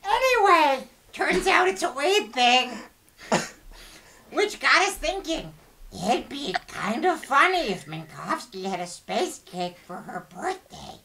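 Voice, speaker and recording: A man voicing a goofy, excitable male dog, reading out a fan question in character with a dopey, drawn-out delivery. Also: extremely high pitch, gravelly, slight background noise, heavily acted.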